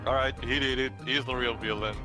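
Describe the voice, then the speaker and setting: A man's voice: medium pitch, steady tone, a little fast, music in the background. A man making quippy, wisecracking asides during casual gameplay commentary. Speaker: let's play co-commentator.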